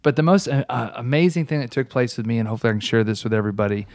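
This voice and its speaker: A man telling his personal testimony in a casual talk, an animated storyteller who restarts often and laughs along the way. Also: medium pitch, rapid-fire.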